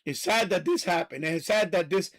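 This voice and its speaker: A man hosting a live stream, delivering a loud, profane, repetitive rant and stopping now and then to catch his breath. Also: high voice, a little fast, low-quality recording. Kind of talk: ranting live stream monologue.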